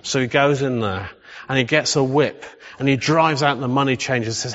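A man's voice: mid-range voice, brisk, fairly bright tone. A man preaching a sermon, emphatic and full of rhetorical questions. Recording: echoey hall, slightly dull sound.

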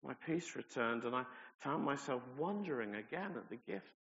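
A man's voice: mid-range voice, lively intonation, moderate pace, vocal fry, fairly bright tone. A man preaching a sermon in an earnest, conversational way, with personal stories and self-deprecating asides. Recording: reverberant hall, dull lo-fi sound.

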